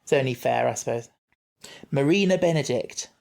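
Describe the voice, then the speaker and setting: A man's voice: mid-range voice, moderate pace, creaky, darkish tone. A man co-hosting a podcast, chatting casually and thoughtfully about a TV series, with frequent fillers and restarts. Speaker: podcast co-host. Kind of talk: casual chat reviewing a TV series.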